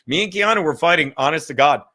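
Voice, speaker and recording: A man hosting a live stream, rambling loudly and profanely from topic to topic in casual chat. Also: on the high side. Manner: loud, rambling, profane, jumps between topics.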